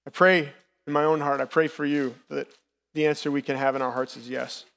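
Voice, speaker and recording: A man's voice: on the high side, little pitch movement, fairly quick, gravelly, a bit bright. A man in his thirties preaching a sermon in a candid, personal, conversational way as a lay preacher. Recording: long reverb from the hall.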